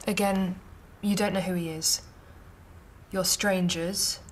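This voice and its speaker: An actress playing a calm female art therapist who gently coaxes a patient with questions. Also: on the low side, takes it slowly, slight background noise. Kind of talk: TV drama acting.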